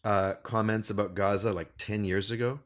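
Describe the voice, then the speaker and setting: A man co-hosting a political podcast in a fairly low voice. He speaks passionately and articulately, repeating words as he builds momentum. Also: fairly even intonation, normal speed. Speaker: podcast co-host. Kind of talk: casual political podcast chat.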